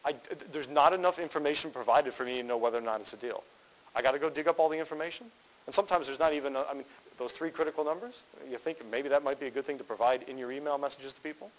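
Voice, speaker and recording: A man's voice: mid-range voice, racing, rough recording. A man teaching real estate wholesaling at a live seminar, emphatic, firing rhetorical questions at the room and answering them himself.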